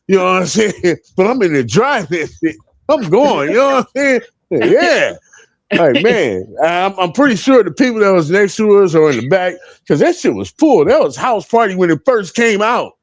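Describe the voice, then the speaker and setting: Man in his 50s, panel co-host: profane, animated storyteller, very lively pitch. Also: normal speed, no echo. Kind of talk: casual storytelling on a live panel.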